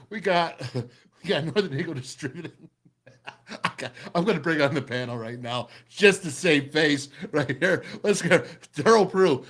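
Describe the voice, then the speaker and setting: A man's voice: a little high, fairly bright tone. A man hosting a casual sports talk show, jokey and upbeat, laughing easily as he brings on his panel.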